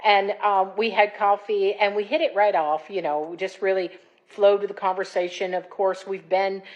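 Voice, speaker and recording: A woman in her fifties, candidly retelling a date in a chatty, animated vlog story. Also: mid-range voice, moderate pace, dull audio. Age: 50s. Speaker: dating vlogger. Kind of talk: casual storytelling.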